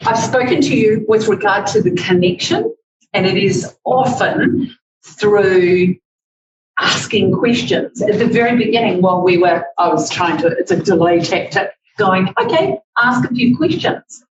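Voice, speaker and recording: A woman teaching public speaking in a workshop, speaking in a slow, deliberate, demonstrative way. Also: medium pitch, expressive, noisy background. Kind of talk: workshop presentation. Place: library meeting room. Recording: echoey, distant, dull audio.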